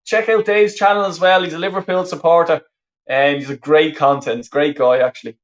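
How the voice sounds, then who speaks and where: A man's voice: a little high, animated, fairly quick, highs cut off. A man with a Dublin Irish accent, originally from the west of Ireland, chatting casually and swearing freely while commentating live on a football match and reading out viewers' comments. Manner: chatty, rambling, frequent swearing and restarts. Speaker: football watch-along streamer. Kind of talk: live watch-along commentary.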